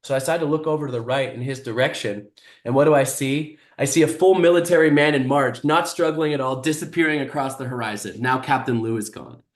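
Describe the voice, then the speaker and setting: A man, a guest speaker, telling a motivational story in an animated, vivid way. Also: mid-range voice, fairly quick, roomy sound.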